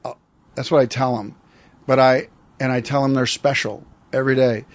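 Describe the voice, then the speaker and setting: A man's voice: mid-range voice, flat delivery, normal speed. A man in his sixties from the United States, telling a personal story as an interview guest, reflective and rambling with many restarts. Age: 60s.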